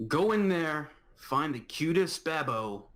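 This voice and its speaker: A man's voice: a little high, animated, slow, fairly bright tone. A man playing a tabletop game, giving commands in a bossy, egging-on way. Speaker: player.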